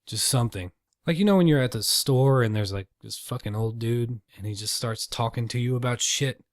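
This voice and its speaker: A man's voice: mid-range voice, fairly quick, no room sound, clean studio sound. A man hosting a casual solo podcast, rambling and swearing freely with self-deprecating asides. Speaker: podcast host.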